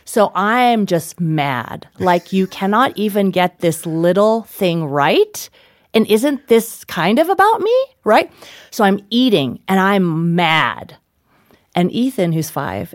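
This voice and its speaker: A middle-aged woman chats as an interview guest, telling family stories with easy laughter. Her voice jumps high whenever she acts out what someone said. The sound is close and dry. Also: slow pace, no room sound. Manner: animated, laughing, acts out quotes with big pitch jumps. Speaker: author and guest. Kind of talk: casual interview storytelling.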